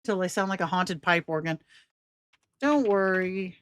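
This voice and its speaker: A woman's voice: on the low side, flat delivery, brisk, a bit bright, no room sound, studio quality. A woman hosting a casual live stream, giggly and enthusiastic as she talks to her viewers.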